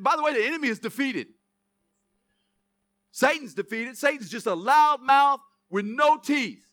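A young man preaches a sermon in a high, bright voice. He mixes loud, emphatic exhortation with self-mocking asides, moving fast between the two. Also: no echo. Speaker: pastor.

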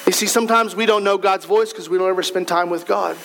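A man's voice: sits high, steady tone, fast, creaky, a bit bright, a little hiss or hum, poor audio. A man preaching a sermon as pastor, in a conversational, emphatic way, speaking straight to the congregation in a church.

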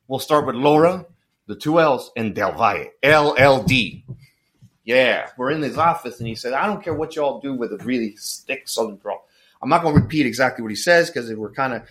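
A middle-aged man, a podcast guest, telling stories in an animated, joking way with apologetic asides. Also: mid-range voice. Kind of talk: casual storytelling chat.

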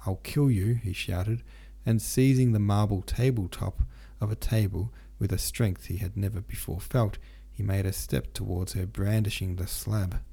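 Casting: low, gravelly male narrator for a literary audiobook, occasional restarts. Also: normal speed, hardly any pauses. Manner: steady reading with occasional stumbles and restarts.

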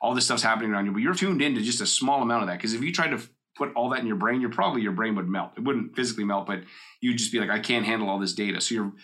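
A man's voice: fairly low pitch, rapid-fire, fairly bright tone. A middle-aged man hosting a solo coaching podcast, explaining ideas conversationally and acting out everyday quotes. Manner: conversational, uses personal stories and acted-out quotes.

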